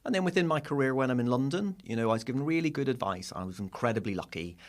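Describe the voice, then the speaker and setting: A man's voice: mid-range voice, expressive, racing. A middle-aged man from Northern Ireland, a diplomat as podcast guest, telling stories in a reflective, emotional way. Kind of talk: conversational interview.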